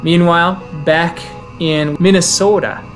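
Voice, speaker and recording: A man narrating as storyteller of a tabletop game, dramatic and slowing down for eerie scenes. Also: fairly high pitch, fairly even intonation, soft background music.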